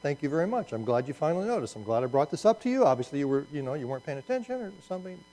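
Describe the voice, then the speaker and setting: A preacher voicing an exasperated pleading prophet. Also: male voice, fairly high pitch, sing-song, rapid-fire, mellow. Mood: smug. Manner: pleading, incredulous, voice rising. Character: exasperated pleading male prophet, demanding answers.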